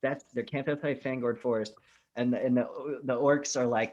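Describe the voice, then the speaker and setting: A man co-hosting a casual podcast, recounting film scenes in an animated, profane way. His voice sits at an average pitch for a man. He talks like he is chatting with a friend. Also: fairly quick. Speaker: podcast co-host.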